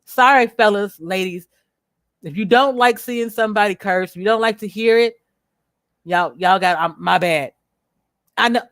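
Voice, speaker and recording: A woman hosting a livestream, speaking bluntly and with profanity as she rants at viewers, slowing down to stress her words. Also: medium pitch, fairly bright tone, no room sound, clean studio sound. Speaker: livestream host. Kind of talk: unscripted livestream commentary.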